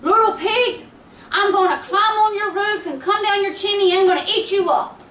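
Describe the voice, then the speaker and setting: A woman voicing a scheming wolf in a told story, coaxing and drawn-out in delivery. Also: sits high, animated, a little hiss or hum. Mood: menacing. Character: scheming big bad wolf, coaxing and menacing. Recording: roomy echo from a distant mic.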